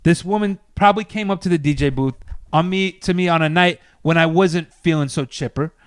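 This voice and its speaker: A man who works as a DJ, telling a story as a podcast guest in a casual, profane, animated way. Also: fairly high pitch, brisk, smooth, no echo.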